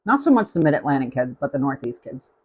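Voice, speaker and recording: A man's voice: mid-range voice, very animated, fast talker, slightly rough, lo-fi sound. Chatty man hosting a cooking stream. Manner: chatty and rambling, tasting food as he talks. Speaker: cooking show host. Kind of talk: casual live-stream cooking chat.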